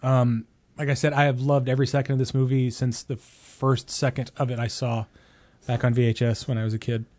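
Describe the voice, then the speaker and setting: A man's voice: medium pitch, brisk, dry recording. A man in his forties co-hosting a casual movie chat podcast, swearing, joking and ranting. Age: 40s. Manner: animated, profane, ranting. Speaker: podcast co-host.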